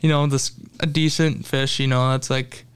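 A young man tells a fishing story in casual talk, his voice smooth and clear. He gets animated as he retells it and is full of fillers and restarts. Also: mid-range voice, moderate pace. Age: young adult. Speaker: podcast guest, tournament angler.

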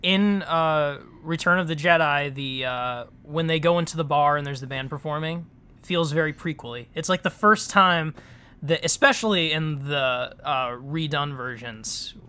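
A man with a bright, fairly high voice chats casually as a podcast co-host. He hesitates often, restarting sentences and leaning on fillers. His talk stays loose and easygoing. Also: normal speed, clean tone. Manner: hesitant, many restarts and fillers, laughs easily. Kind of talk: casual chat.

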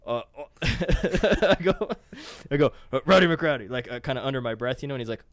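A man's voice: medium pitch, animated, moderate pace. A man co-hosting a casual podcast, telling a profane story and laughing a lot. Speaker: podcast co-host.

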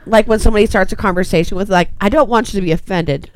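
A woman co-hosting a casual radio chat, giggly and full of "like", with a lively delivery. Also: medium pitch, fast, low-quality recording. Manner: lively, giggly, says "like" often. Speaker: radio show co-host.

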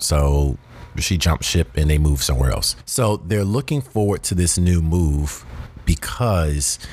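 A man's voice: sits low, darkish tone. A man from the South, casually rambling through a show review with lots of asides and fillers. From Southern United States. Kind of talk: casual monologue.

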